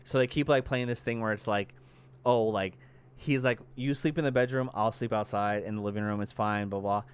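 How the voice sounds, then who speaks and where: Smooth-voiced man retelling a movie. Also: on the low side, fairly quick. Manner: animated storyteller acting out characters, heavy cursing. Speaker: podcast co-host. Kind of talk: casual chat, retelling a movie plot.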